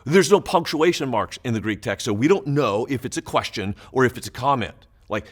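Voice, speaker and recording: Animated male pastor teaching scripture. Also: mid-range voice, brisk, few pauses. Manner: animated, emphatic explaining with chuckles. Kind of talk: Bible teaching for small groups.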